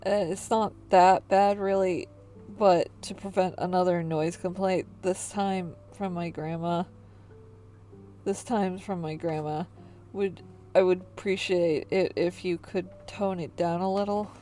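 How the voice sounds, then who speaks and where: Woman reading nervous young caretaker, stammering, rambling, slow. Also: lowish voice, steady tone, warm tone, soft background music, lightly acted.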